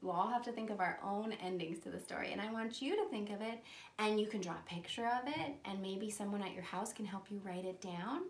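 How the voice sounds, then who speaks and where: A woman teacher telling a story to young children, animated, with gasps and dramatic whispers. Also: mid-range voice, a little fast. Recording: roomy echo.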